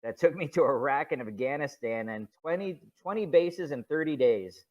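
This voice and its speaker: A man's voice: mid-range voice, animated, moderate pace, dull audio. A young male stand-up comedian from Southern California, talking in a laid-back, wry way over a video call. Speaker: guest comedian.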